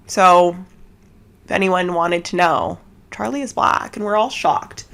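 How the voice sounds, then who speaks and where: A woman from Canada hosting a casual chat podcast at home, giggly and rambling, talking fast with lots of fillers. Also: lowish voice, expressive, gravelly, a bit bright. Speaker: podcast host. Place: home setup, seated cross-legged.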